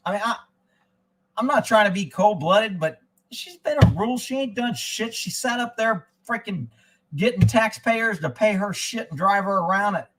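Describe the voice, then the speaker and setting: A high-pitched man with a twang rants in a loose, folksy way and swears freely. His talk wanders from one gripe to the next like casual chat on a live stream. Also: animated, normal speed, fairly bright tone, poor audio. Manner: folksy, profane, rambling, with drinking asides. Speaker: livestream host. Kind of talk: casual political rant.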